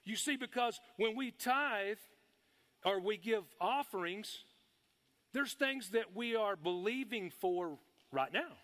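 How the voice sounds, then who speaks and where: A middle-aged man preaching a sermon, folksy and excitable, breaking into shouts of praise. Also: sits high, slow pace. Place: church hall. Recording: long hall reverb.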